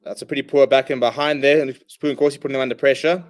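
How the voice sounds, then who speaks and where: A young man hosting a live watchalong, calling the play and reading out viewer comments, and he bursts out loud at big moments. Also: mid-range voice, fast talker. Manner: excitable, shouts at big plays, reads viewer comments. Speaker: host.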